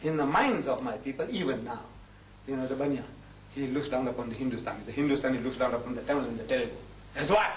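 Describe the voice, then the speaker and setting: A man giving a lecture in a mocking, animated way, acting out the people in his stories. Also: mid-range voice, quick pace. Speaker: public lecturer. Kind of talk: lecture with acted-out anecdotes. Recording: echoey hall, distant mic, faint hiss.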